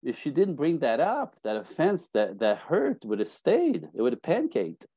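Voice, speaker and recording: A man's voice: fairly high pitch, moderate pace, husky, dry recording, low-quality recording. A man giving relationship advice in a casual interview, acting out little quoted scenes as he tells stories. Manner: animated storyteller acting out quotes. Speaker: relationship coach guest.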